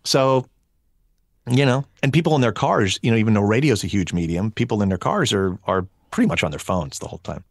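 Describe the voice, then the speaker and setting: A man in his fifties, a voice actor guest on a podcast, telling animated stories in casual chat. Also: lowish voice, a little fast, gravelly, dry recording, studio quality. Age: 50s. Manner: animated storyteller, acts out others' voices.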